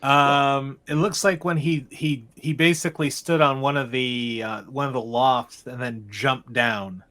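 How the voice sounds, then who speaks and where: A man running a tabletop game as game master, narrating scenes in a meandering, halting way with frequent restarts. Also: medium pitch, fairly even intonation, pushed and bright.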